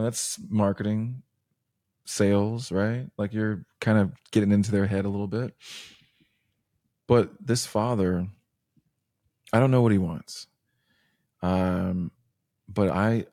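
Male podcast host, low and dark, loose and rambling, close dry mic. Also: no echo. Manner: thinking aloud, many fillers and restarts. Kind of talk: casual advice chat.

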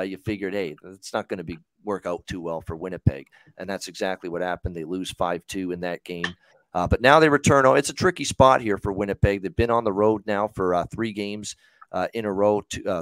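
A man's voice: sits low, dry recording. Dry-voiced rambling male sports betting host. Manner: rambling, profane, filler-heavy. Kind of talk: casual betting analysis.

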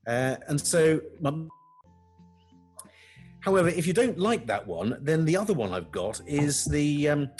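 Male co-host, husky, lively, self-mocking banter. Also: on the high side, measured pace, long pauses, faint music behind. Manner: playful, self-mocking, stammering restarts. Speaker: podcast co-host. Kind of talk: casual chat.

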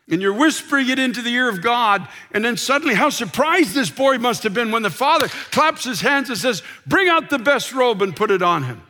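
A man preaching from a church pulpit, his voice high and bright. He presses on with passion, repeating himself and sometimes dropping almost to a whisper. The sound carries a long reverb from the large sanctuary around him. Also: lively intonation, a little fast, few pauses. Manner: passionate preaching, repeats words, dips into soft whispered prayers. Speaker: pastor. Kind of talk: sermon.

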